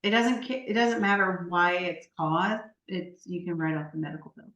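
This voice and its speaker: A woman's voice: fairly low pitch, normal speed, fairly bright tone, lo-fi sound. A woman co-hosting a podcast in casual chat, sassy and teasing. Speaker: podcast co-host. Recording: roomy echo.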